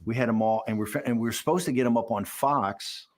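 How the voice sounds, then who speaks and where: A man's voice: mid-range voice, fast talker. A man in his sixties giving a candid documentary interview, telling a story with animation and acting out quoted dialogue. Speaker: interview guest.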